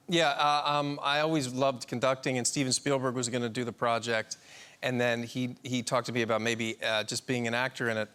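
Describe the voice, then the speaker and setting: A man director speaks as a chat show guest, measured and calm. His voice is smooth and stays flat in pitch. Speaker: actor and director.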